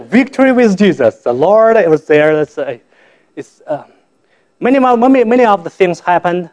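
A man from China, giving a church testimony in halting, simple English, often repeating and restarting words. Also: sits high, big pitch swings, a little mellow. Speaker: guest speaker giving testimony.

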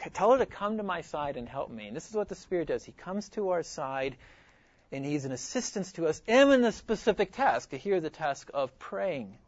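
Earnest male preacher, high voice, drops to a hush for emphasis; dry, slightly muffled sound. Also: dry recording. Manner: earnest, repeats key phrases, swings from loud emphasis to hushed asides. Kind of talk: expository sermon.

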